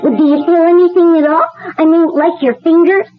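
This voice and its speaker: A woman's voice: very high-pitched, steady tone, brisk. A woman playing a nosy, pestering young boy, in a 1970s radio drama. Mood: curious. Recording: muffled, noisy old radio broadcast.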